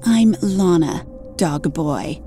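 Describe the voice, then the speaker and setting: Woman doing a scornful old vampire woman, hissing, slow, dark tone, storybook audio. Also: deep voice, expressive, faint music behind, full character voice. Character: old haughty female vampire, hissing predator.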